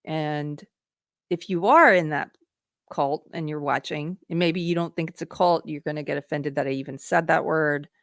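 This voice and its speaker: This political commentary host, a middle-aged woman, has a low-pitched, gravelly voice with a steady tone and speaks at normal speed. On her live stream she reads out viewer comments and earnestly asks her viewers rhetorical questions. The recording is clean studio sound with no room noise.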